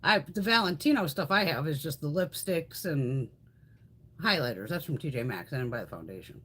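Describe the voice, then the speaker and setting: Her voice sits low and sounds slightly rough, and she talks fairly quickly. She's a middle-aged woman running a beauty livestream, chatting loosely, cursing freely and fielding viewer questions with plenty of energy.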